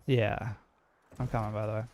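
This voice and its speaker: A game streamer from New England, with a New England accent and a fairly low voice, chats casually with his live-stream audience at a moderate pace. He's mellow and fairly monotone, packing his speech with "like" fillers, and there's a little hiss or hum in the audio.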